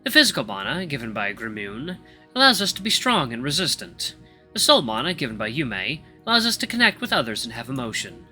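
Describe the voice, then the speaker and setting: A man voicing a young male wolf grandmaster who lectures in a calm, monotone way. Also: medium pitch, fairly quick, soft background music, exaggerated voice. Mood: lecturing.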